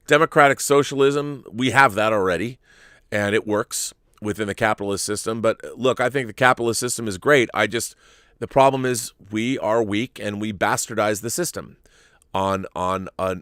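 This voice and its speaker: A middle-aged man hosting a live stream, reading viewer messages and answering them in a halting, rambling way. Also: on the low side, a bit bright, clear, resonant tone, dry recording, studio quality. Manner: rambling, halting, restarts often. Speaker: host.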